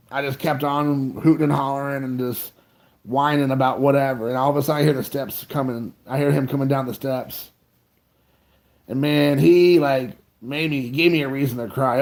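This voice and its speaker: A man's voice: medium pitch, steady tone, moderate pace, a little mellow. A man in his thirties, co-hosting a podcast, telling a rambling, self-mocking childhood story in casual chat.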